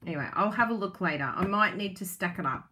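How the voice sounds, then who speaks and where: A woman chatting casually as she unboxes craft kits, gushing and excitable, laughing often. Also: mid-range voice, fast talker. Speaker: craft vlogger and product demonstrator.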